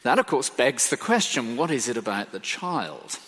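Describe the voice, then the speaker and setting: A man preaching a sermon, emphatic and expressive, asking rhetorical questions. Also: mid-range voice, moderate pace. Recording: reverberant hall.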